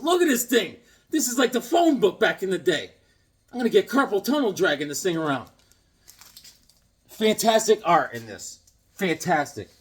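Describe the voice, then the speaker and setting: A man hosting a casual unboxing vlog, talking in an excitable, goofy, joking way. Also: high voice. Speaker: comics vlogger unboxing a package.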